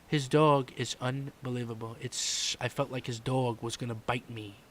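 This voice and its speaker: A brash, boastful older politician rambles in circles through a comedy podcast monologue, as a man puts on the voice. He stops to repeat himself and lets "folks" and "okay" drop to a mutter, all at a mid-range pitch. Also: steady tone, normal speed, a little hiss or hum, lightly acted. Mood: rambling. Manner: rambling, repetitive, trails off quietly on "folks" and "okay". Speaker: podcast host doing an impression.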